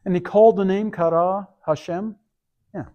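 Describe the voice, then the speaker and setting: This man's voice sits high and sounds mellow, with fairly even intonation, a moderate pace, and the highs cut off. Leading a service as its teacher, he reads scripture and then patiently walks through Hebrew words letter by letter, spelling them out sound by sound.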